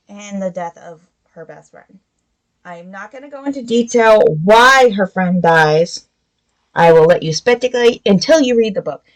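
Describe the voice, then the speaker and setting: A woman's voice: medium pitch, low-quality recording. A woman hosting a casual book review podcast, retelling the plot in a rambling way with many fillers.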